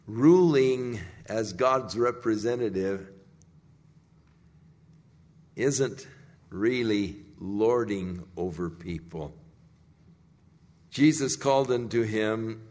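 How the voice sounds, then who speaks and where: A man preaching a sermon, telling the scripture story in a deliberate, emphatic way. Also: on the low side, a little mellow. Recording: echoey hall.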